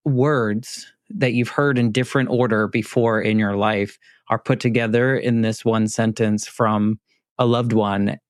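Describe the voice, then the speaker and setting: A man hosting a podcast, asking gentle questions and often restarting his sentences. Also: mid-range voice, clear, resonant tone, no room sound, studio quality. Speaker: podcast host. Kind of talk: interview questions.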